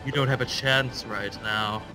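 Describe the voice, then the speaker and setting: A man's voice: mid-range voice, steady tone, unhurried, music in the background, pitched below the performer's own voice, lightly acted, poor audio. A man voicing a bossy male mind-control villain, barking orders at his minions. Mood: commanding.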